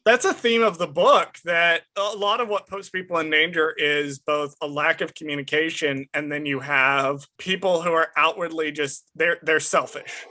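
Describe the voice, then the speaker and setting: A man's voice: on the high side, fairly even intonation, moderate pace, few pauses, pushed and bright. A man discussing analytically and bluntly on a casual podcast, swearing casually. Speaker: podcast host.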